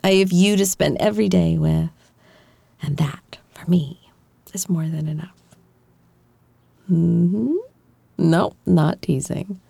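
A woman voicing an affectionate girlfriend who gently reassures and teases her partner, in a whispered role-play. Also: lowish voice, slow, creaky, long pauses, breathy edge, no echo, exaggerated voice. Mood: tender. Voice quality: soft, gentle, reassuring, playfully teasing.

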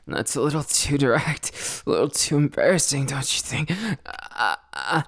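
A young man performing an intimate audio role-play, teasing and breathy, often dropping into a whisper. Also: medium pitch, very animated, normal speed, fairly bright tone.

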